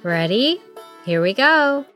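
Brief: woman storyteller for a kids' podcast, slow and playful narration, soft music bed. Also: on the high side, very animated. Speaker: children's podcast host and storyteller.

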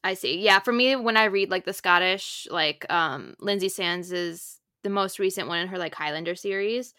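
A woman's voice: fairly low pitch, moderate pace, bright, forceful tone, dry recording, clean studio sound. A woman with a Minnesotan accent co-hosting a podcast, chatting casually with many filler words. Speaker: podcast co-host. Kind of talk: casual chat.

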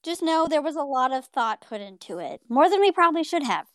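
A woman co-hosting a podcast in casual chat, bubbly and quick to laugh and agree. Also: high-pitched, sing-song, dry recording, studio quality. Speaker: podcast co-host.

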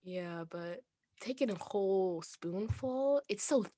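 A young woman co-hosting a podcast, telling stories in animated, giggly casual chat. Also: mid-range voice, slow. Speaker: podcast co-host.

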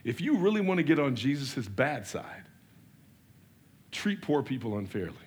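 A pastor preaching a sermon in an animated way, asking rhetorical questions and swinging between loud and soft. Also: male voice, mid-range voice, normal speed, husky.

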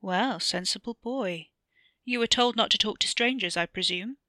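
A woman's voice: medium pitch, normal speed, sharp tone, no room sound, studio quality, close to an everyday voice. A woman reading a short story aloud, voicing a stern, probing older man with a lilting accent. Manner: brusque, probing questions.

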